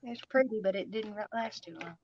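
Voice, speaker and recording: A woman's voice: mid-range voice, a little fast. A woman hosting a casual crafting livestream, chatty and teasing, sometimes talking with her mouth full. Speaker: craft channel host. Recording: muffled lo-fi audio with clear background noise.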